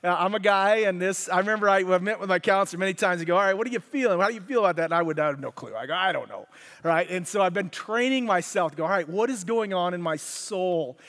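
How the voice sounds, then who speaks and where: A man preaching a conversational sermon, acting out quotes with lively shifts in voice, recorded in a church. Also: high voice, fast. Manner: conversational, animated, acts out quotes. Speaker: pastor. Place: church hall. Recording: long hall reverb.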